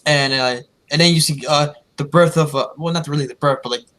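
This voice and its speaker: A man's voice: on the high side, a little fast, a bit bright, low-quality recording. A man co-hosting a podcast, casually retelling movie scenes with many fillers. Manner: rambling, filler-heavy retelling. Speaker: podcast co-host.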